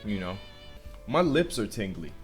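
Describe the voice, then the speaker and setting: Low-voiced young man, lively joking host. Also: a little slow, faint music behind. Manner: joking, loose, profane. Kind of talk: casual reaction commentary.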